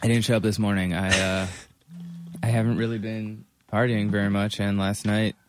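A man hosting a casual podcast chat, relaxed and quick to laugh, with hesitant fillers. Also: fairly low pitch, slight background noise. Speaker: podcast host.

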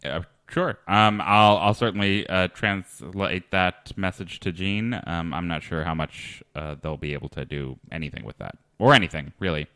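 A man hosting a comedy podcast, interviewing a guest in a halting, awkward way with many restarts. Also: low-pitched, bright, forceful tone, clear, resonant tone, no echo, studio quality. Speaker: podcast host.

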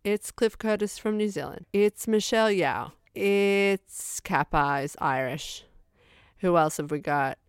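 A woman's voice: mid-range voice, a little slow, smooth, no room sound, clean studio sound. A woman co-hosting a casual film chat, rambling with lots of fillers and acting out her reactions. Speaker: podcast co-host.

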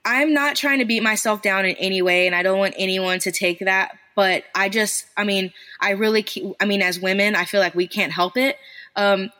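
A woman's voice: medium pitch, fairly even intonation, moderate pace, bright, forceful tone. A woman in her thirties, a business founder, telling her story in a casual podcast interview, candid and self-deprecating, swearing now and then.

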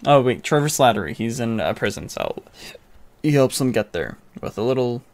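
A man hosting a casual podcast, rambling through a movie recap and dropping into quick voice impressions. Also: medium pitch, lively intonation, darkish tone. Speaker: podcast host.

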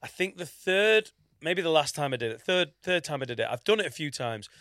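A man with a bright, ringing, slightly high voice tells comedy stories on a podcast. He acts out other people's lines as he goes and swears freely. The sound is dry and close. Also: brisk, no echo. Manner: animated storyteller who acts out quotes, swears. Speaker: podcast host; stand-up comedian. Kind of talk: casual comedy podcast chat.

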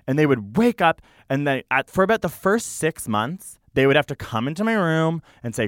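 A young man in relaxed podcast chat, mid-pitched, recorded close and dry with no room sound. He tells stories with lively acted-out quotes and plenty of fillers. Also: a little fast, hardly any pauses, no echo. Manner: animated storytelling, acts out voices in quotes. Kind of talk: casual chat.

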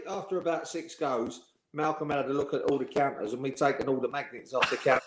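A man, a former professional footballer, telling lively anecdotes in an interview and laughing along. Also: medium pitch, brisk. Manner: chatty storyteller, laughs while telling. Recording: roomy echo.

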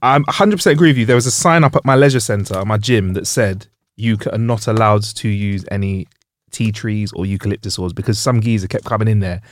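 A man's voice: fairly low pitch, fast talker. A man hosting a comedy podcast, casually sharing facts and laughing easily. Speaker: podcast host.

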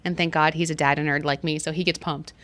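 A woman's voice: deep voice, level tone, fast talker, fairly bright tone, dry recording. A woman co-hosting a podcast in casual chat, telling a story and bursting into sung lines. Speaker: podcast co-host.

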